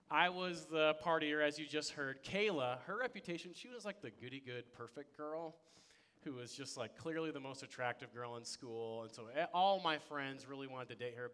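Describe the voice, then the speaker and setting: A young adult man preaching a sermon as a pastor, telling stories with energy and swinging between loud excitement and quiet. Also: on the high side, clear, resonant tone. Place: church sanctuary.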